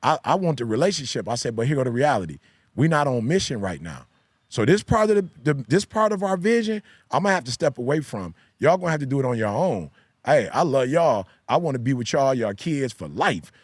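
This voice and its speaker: A man's voice: medium pitch, sing-song, brisk, husky, no room sound. A man who is a pastor and podcast host, talking in a casual discussion with an emphatic, repetitive preaching cadence. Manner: emphatic, repeats key phrases like a preacher.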